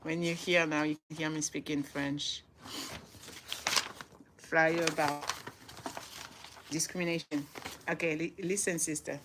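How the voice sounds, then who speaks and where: A woman in her forties hosts a casual live stream from home, reading aloud and chatting with viewers in an upbeat, motivational way. Her voice sits fairly low, and she laughs often between lines. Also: level tone, unhurried, pauses often, noisy background. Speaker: livestream host.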